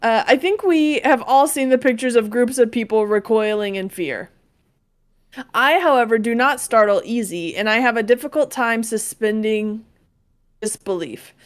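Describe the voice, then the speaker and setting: A woman co-hosting a casual podcast, reading a listener's story aloud. Her voice sits a little high, and she keeps a dry, unbothered tone with quick asides. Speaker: podcast co-host.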